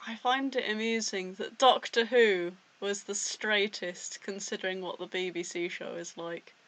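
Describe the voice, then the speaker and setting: A woman co-hosting a podcast, chatting with wry, deadpan remarks. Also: mid-range voice, a little slow, rough recording. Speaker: podcast co-host. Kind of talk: casual chat.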